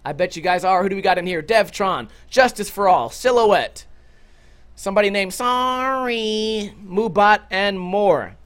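A young man with a high-pitched voice, hosting a livestream and telling stories to his chat. He swears constantly and jumps into loud, animated outbursts when he quotes people. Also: a little slow. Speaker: livestream host. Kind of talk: casual profane storytelling to a stream chat.

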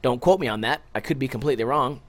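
A man's voice: medium pitch, fast. A young adult man hosting a casual solo podcast, rambling loosely with lots of swearing and jokes, tired from a short night's sleep. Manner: loose, profane, rambling and joking. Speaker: podcast host.

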